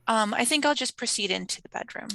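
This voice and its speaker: A woman playing a tabletop mystery game, describing her character's actions in a gentle, soothing way. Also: a little high, fast, gravelly, no room sound. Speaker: player. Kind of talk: tabletop role-play.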